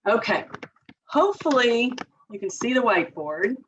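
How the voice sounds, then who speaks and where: A woman's voice: a little high, sing-song, normal speed, a bit bright, slight background noise. A woman occupational therapist giving a casual training talk to parents, chatty and laughing often. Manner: chatty, laughs often, leads group exercises with chanting. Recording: slightly dull lo-fi sound.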